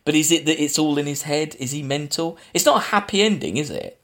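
A man's voice: a little high, lively intonation, fairly quick, fairly bright tone. A man, a podcast host casually recapping a film plot, rambling with fillers and restarts. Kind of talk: casual film review chat.

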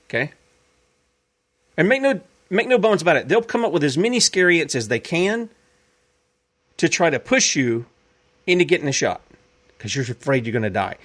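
Guy ranting on his show, kinda high voice, pitch jumps all over, says stuff twice for punch. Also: very animated, moderate pace, long pauses, fairly bright tone. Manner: emphatic, repeats points for effect. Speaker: podcast host. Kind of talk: opinionated commentary.

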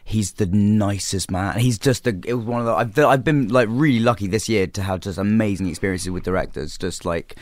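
A man's voice: on the low side, brisk, hardly any pauses, a little mellow, dry recording. A young man with an English accent, chatting as a guest in a loose, rambling way with many restarts. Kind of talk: casual interview chat. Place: studio.

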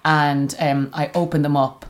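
Low pitched irish lady in her forties, chatty, acts out little quotes as she goes. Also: a little slow, slight background noise. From Ireland. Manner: animated storytelling, acts out quotes. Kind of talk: casual podcast chat.

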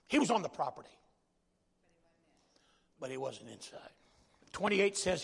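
A man preaching a sermon in a folksy, joking way, rising to loud emphatic calls. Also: a little high, animated, normal speed, vocal fry, pauses often, slightly rough, long reverb tail.

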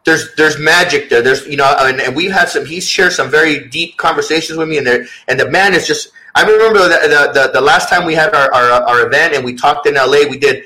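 Bright-voiced man, earnest and rambling. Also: a little high, fairly quick, few pauses, poor audio. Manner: earnest, rambling with many restarts. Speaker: guest author. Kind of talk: casual interview chat.

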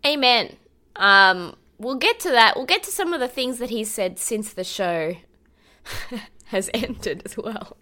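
A young woman co-hosting a podcast in loose recap chat. Her voice is bright and forceful, and her talk is sweary and rambling, full of fillers and quick laughs. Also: on the high side, expressive. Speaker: podcast co-host.

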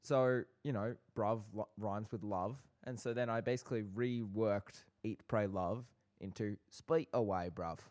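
A man's voice: lowish voice, fairly even intonation, a little slow, few pauses, darkish tone. A young man co-hosting a casual podcast with his brother, bantering playfully with light sarcasm. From Australia. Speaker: podcast co-host.

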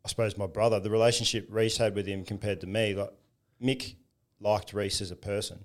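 An easygoing Australian man with a low voice recalls his football career in relaxed conversation. He chuckles now and then as he tells it. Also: fairly quick. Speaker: former professional footballer. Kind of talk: casual podcast chat.

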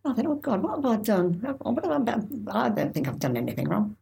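An older woman recalls her past in an interview, speaking haltingly with frequent restarts and pauses. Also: medium pitch, big pitch swings, creaky, warm tone. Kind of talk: oral history recollection.

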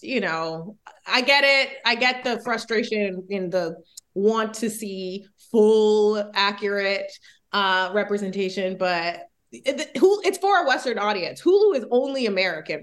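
A woman's voice: mid-range voice, animated, measured pace, a bit bright. A young woman, a comedy writer, chatting casually as a podcast guest, talking things through thoughtfully and laughing now and then. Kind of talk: casual chat.

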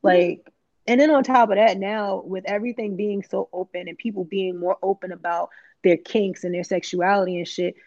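A woman chatting loosely on a podcast, blunt and profane, her talk looping through slang and "like"s. Her voice sits at a middling pitch. The recording sounds muffled and lo-fi. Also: steady tone, normal speed, darkish tone. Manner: candid, profane, rambling with many "like"s and slang. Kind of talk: casual chat.

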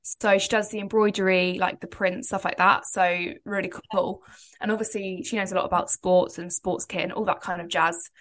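A woman's voice: medium pitch, little pitch movement, normal speed, a bit bright. A woman, co-hosting a podcast in a rambling, chatty way and laughing often. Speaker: podcast co-host. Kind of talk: casual chat.

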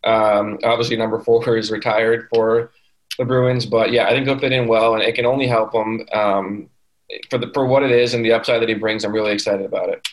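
A man's voice: fairly low pitch, fairly even intonation, brisk, rough recording. A man co-hosting a casual sports podcast, talking eagerly through the details with fillers. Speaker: podcast co-host.

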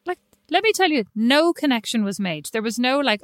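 A middle-aged woman co-hosting a casual chat, telling animated stories and teasing her friend. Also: on the high side, brisk, few pauses, no room sound, clean studio sound. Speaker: podcast co-host.

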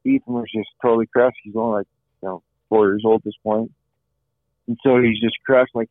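On a dry, phone-like line with no room sound, a middle-aged interview guest tells his personal story with earnestness. His voice is low-leaning and steady at a slightly fast pace, with frequent "you know"s and repeated phrases.

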